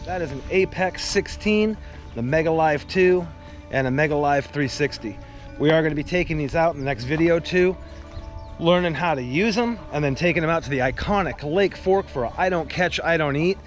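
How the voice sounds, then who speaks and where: A man's voice: on the high side, normal speed, faint music behind. A man hosting a fishing vlog, chatting casually and plainly outdoors on a creek bank. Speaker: fishing vlogger.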